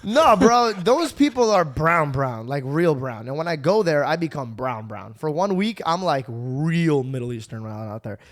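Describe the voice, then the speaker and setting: A man hosting a casual podcast, telling a story in an animated way, laughing often and tired from no sleep. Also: on the high side, moderate pace, hardly any pauses. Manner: animated, laughing, does voices of friends. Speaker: podcast host.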